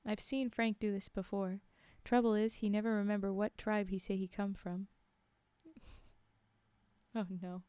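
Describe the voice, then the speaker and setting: A woman reading a story aloud on a livestream in a relaxed, chatty way, with asides to her listeners. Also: medium pitch, unhurried, pauses often, clear, resonant tone, no room sound.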